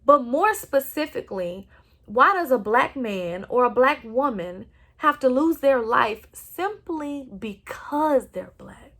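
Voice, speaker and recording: High-voiced impassioned Texan woman. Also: animated, slow pace, fairly bright tone. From Southeast Texas. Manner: impassioned, earnest. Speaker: podcast host. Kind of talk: solo podcast monologue. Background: no other speakers or sounds.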